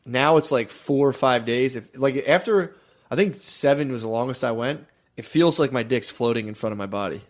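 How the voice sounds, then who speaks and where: A man's voice: mid-range voice, moderate pace. A man co-hosting a podcast in loose, joking banter, laughing often and saying "dude" a lot. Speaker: podcast co-host.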